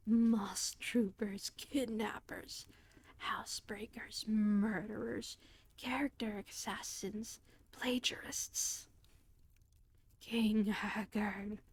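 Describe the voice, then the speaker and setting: A woman voicing a treacherous talking skull in a whispered role-play, speaking quickly and urgently in a soft whisper. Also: fairly high pitch, husky, exaggerated voice.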